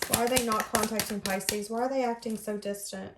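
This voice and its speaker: A woman's voice: a little high, steady tone, brisk, roomy sound, very noisy. A woman giving a casual tarot reading in an earnest, emotive way, often speaking as if she were the other person. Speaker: tarot reader.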